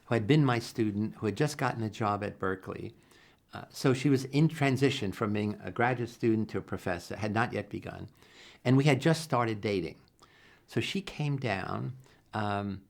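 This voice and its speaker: Older male psychologist, gravelly voice, earnest storyteller with lively quoted dialogue. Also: on the low side. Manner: earnest, animated retelling with acted-out quotes and many restarts. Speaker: psychologist interviewee. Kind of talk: reflective interview storytelling.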